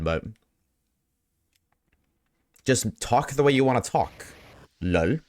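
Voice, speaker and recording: A man streaming a game live, chatting loosely with viewers at a desk mic, swearing often and swinging between a high put-on tone and his lower everyday voice. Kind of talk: casual live-stream chat while gaming. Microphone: desk microphone.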